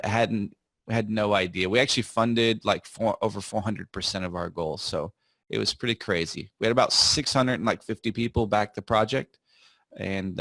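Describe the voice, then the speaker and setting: A man speaking as a podcast guest, telling a story in a relaxed, rambling way with frequent fillers and restarts. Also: fairly low pitch, dry recording. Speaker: podcast guest, software founder. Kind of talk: casual interview storytelling.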